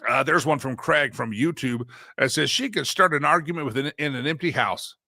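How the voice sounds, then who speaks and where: Man, talk show host, folksy, chatty, bright tone, dry close sound. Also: fairly high pitch, fairly quick, gravelly, no room sound. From Southern United States. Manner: chatty, folksy, laughs often. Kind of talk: casual live-stream talk.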